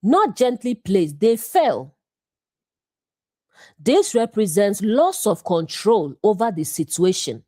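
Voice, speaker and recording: In a close, dry recording, a woman who teaches the Bible reads a scripted devotional lesson. She speaks in short, deliberate phrases at an unhurried pace, her mellow voice rising and falling in a lively way.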